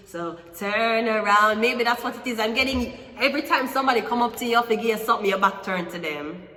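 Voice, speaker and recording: A woman gives a casual tarot reading, playful, teasing and rambling, swearing often. Her voice is on the high side, brisk, bright and forceful, and the room is echoey with long reverb.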